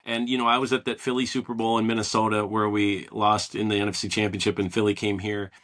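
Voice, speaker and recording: A man's voice: fairly low pitch, level tone, fast talker, a bit bright. A man hosting a podcast, chatting casually and telling stories with enthusiasm, acting out what people said. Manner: enthusiastic storyteller, acts out quotes. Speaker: podcast host. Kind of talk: casual interview chat.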